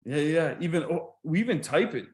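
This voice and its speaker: A man's voice: a little high, lively intonation, a little fast. A Canadian man co-hosting a podcast in casual chat, rambling along, laughing often and swearing freely. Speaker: podcast co-host.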